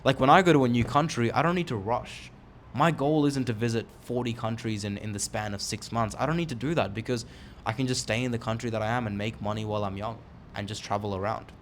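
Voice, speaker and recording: A man's voice: medium pitch, fast talker. A young man in his twenties talks to his own camera from a seat, casual and candid but pressing each point hard. His voice sits in an ordinary middle register. A light background noise runs beneath him. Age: 20s. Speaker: online entrepreneur vlogger. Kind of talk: motivational talk to camera. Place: seated indoors, filming himself.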